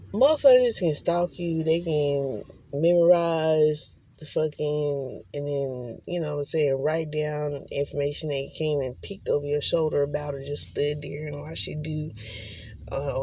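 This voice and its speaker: A woman with a low-pitched, dark voice talks straight to the camera in a spiritual vlog. It's a casual, rambling monologue where she swears freely and often acts out quotes, with a little hiss or hum in the audio.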